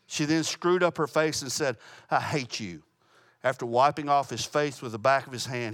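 A man's voice: mid-range voice, a bit bright, no echo, studio quality. Earnest man teaching a Bible study. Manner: earnest, plain-spoken, with small restarts. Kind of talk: sermon with storytelling.

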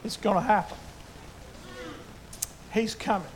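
A man's voice: high-pitched, measured pace, slight background noise. An older man preaching a sermon to his church, fervent and emotional in his delivery. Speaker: pastor.

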